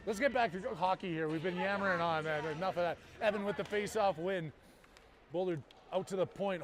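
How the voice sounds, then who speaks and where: A man calling a youth hockey game live, moving from rapid play-by-play to jokey banter with his co-host. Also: fairly high pitch, a little hiss or hum. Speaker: play-by-play commentator.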